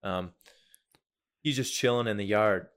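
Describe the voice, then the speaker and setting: A young man co-hosting a podcast, telling a story in a casual, animated way. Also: on the low side, a little slow. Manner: animated storyteller, loud shouted impressions. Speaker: podcast co-host.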